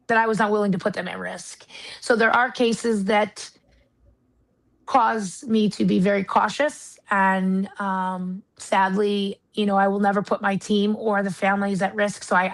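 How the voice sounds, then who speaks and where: A woman's voice: medium pitch, low-quality recording. A woman from the United States, a retired marshal and paranormal investigator, speaking earnestly and candidly as an interview guest. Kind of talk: casual interview talk.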